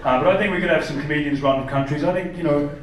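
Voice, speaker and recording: A man's voice: a little high, fast talker, very noisy. A man of about forty, doing brash stand-up comedy and bantering with the crowd on a theater stage. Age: 40s. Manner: brash, swearing, talks to the crowd. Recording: echoey theater from far off. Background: audience laughter.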